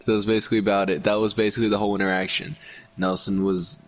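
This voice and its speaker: A man's voice: fairly low pitch, level tone, soft background music. A young man chatting casually with a friend, telling profane, rambling stories. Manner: rambling, profane storytelling with quick impressions of others. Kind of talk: casual chat.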